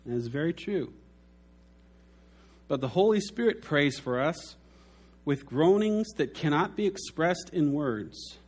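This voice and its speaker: A man's voice: a little high, expressive, measured pace, long pauses, a little mellow. A man preaching a sermon, telling anecdotes and acting out the voices in his stories. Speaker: pastor.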